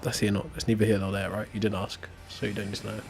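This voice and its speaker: A man's voice: lowish voice, level tone, fast, gravelly, faint music behind. An English man with a working-class accent, chatting casually while gaming and often asking "right?". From England. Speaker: streamer.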